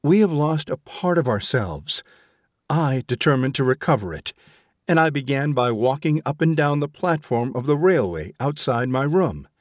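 A man reading an audiobook, voicing an earnest, quietly rebellious young man in a low, grave, measured way. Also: no echo, clean studio sound. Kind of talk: audiobook character voice.

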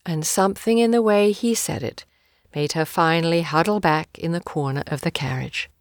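A woman narrating a novel in an audiobook reading, slow, measured and expressive. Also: low voice, no echo, studio quality.

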